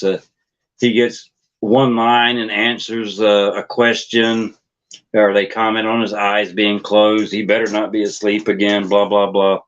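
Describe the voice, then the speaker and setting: Low-voiced man rambling on a lo-fi stream. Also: fairly bright tone. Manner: halting, many fillers and restarts. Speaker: YouTube theory channel host. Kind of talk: casual rambling livestream chat.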